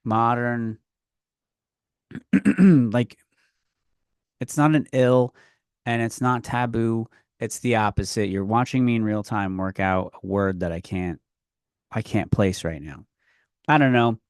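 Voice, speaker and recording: A man's voice: medium pitch, slow pace, long pauses, clean tone, no echo. Profane ranting man, dry sound. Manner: profane, rambling, swings from loud to quiet. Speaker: podcast host. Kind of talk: comedic rant.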